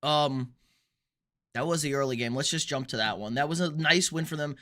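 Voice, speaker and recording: Young guy streaming sports reactions, bright punchy voice, blunt and swears a lot, reads chat. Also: on the high side, normal speed. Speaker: sports livestream host. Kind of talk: casual livestream commentary.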